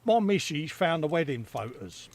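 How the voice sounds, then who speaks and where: Gravelly man, dry teasing. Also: fairly high pitch, very animated, moderate pace. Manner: dry joking, reads chat aloud. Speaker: co-host of a live hobby stream. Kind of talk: casual banter.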